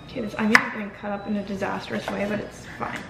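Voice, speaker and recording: A vlogger in her twenties chats casually to her camera at home, moving between the kitchen and a small room, giggly and self-mocking. She talks fast in a mid-range voice with fairly even intonation and vocal fry. The home camera audio is noisy.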